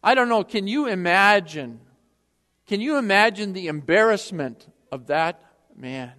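Brief: male preacher, high voice, impassioned sermon that swings loud to hushed, long church reverb. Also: animated, a little slow.

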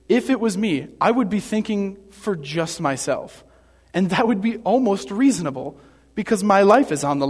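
Earnest preacher man in an echoing hall. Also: a little high. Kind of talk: sermon.

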